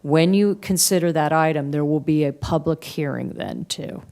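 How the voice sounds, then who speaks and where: Low-voiced woman briefing a county board. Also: normal speed, creaky, mellow. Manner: explanatory, procedural, many fillers. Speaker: county staff presenter. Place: county commission meeting room.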